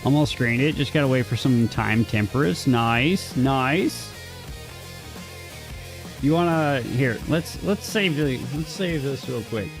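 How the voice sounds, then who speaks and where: A man's voice: medium pitch, slow pace, over music. A man streaming a strategy game, chatting casually and answering his chat, often repeating words as he talks. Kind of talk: casual gaming commentary, reading chat.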